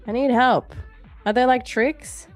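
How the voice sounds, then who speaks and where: A woman's voice: on the high side, steady tone, measured pace, faint music behind. A woman hosting a live trading stream, reading viewer comments aloud in a playful, teasing way and laughing often. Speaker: livestream trading show host.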